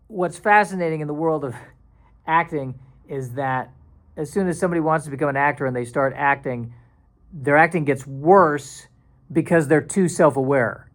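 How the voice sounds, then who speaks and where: A man hosting a solo comedy podcast. He rambles in a self-deprecating way, restarts his sentences and now and then drops into silly put-on voices. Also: fairly high pitch. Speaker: podcast host.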